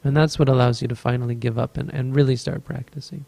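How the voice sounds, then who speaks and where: Speaking fast with vocal fry and a dark tone, a man of medium pitch keeps his pitch fairly flat, with no echo around him. He is a Buddhist meditation teacher telling a story in a dharma talk, easygoing and rambling, with frequent self-corrections.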